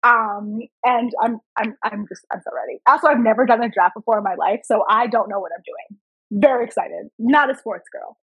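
A woman's voice: fairly high pitch, normal speed, husky, no echo, dull audio. A woman on a podcast panel, talking in a bubbly, playful way. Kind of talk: casual podcast chat.

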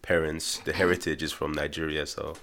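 A man's voice: very deep voice, flat delivery, brisk, a bit bright. A young man from Ireland co-hosting a podcast in an easygoing, joking way. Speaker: podcast co-host. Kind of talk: casual podcast chat.

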